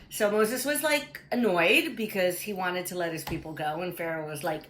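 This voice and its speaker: A woman preschool teacher telling a story to small children in a playful, animated way. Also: mid-range voice, normal speed, hardly any pauses. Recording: roomy echo with faint background noise.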